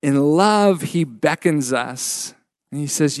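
A man preaching a sermon as a pastor, measured and emphatic with frequent pauses. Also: on the high side, animated, no echo, clean studio sound.

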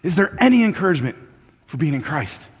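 A man's voice: a little high, very animated, fast, slightly rough. A man preaching a sermon in a conversational way, often repeating words as he goes, and pushing his voice up when he acts out urgent appeals. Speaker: pastor. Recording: dull sound with long hall reverb.

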